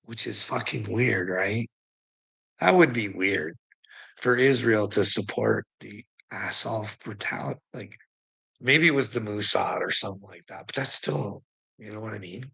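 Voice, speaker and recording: A man rants on camera in a rambling, profane way, laughing often. His voice is gravelly and husky. The tone is sharp and tense. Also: fairly low pitch, a little slow. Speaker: vlogger. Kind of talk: casual profane rant.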